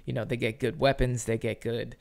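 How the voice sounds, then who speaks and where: A man's voice: medium pitch, level tone, fairly quick, creaky, a little mellow. A man co-hosting a casual podcast, joking and teasing his partner in a playful, dry way. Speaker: co-host.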